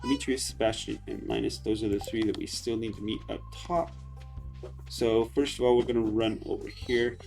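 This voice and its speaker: Gravelly guy chatting through a farming game, chill and rambly, guitar music behind. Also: fairly low pitch, normal speed. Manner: relaxed, chatty, hesitant. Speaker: let's play host. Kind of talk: casual gameplay commentary.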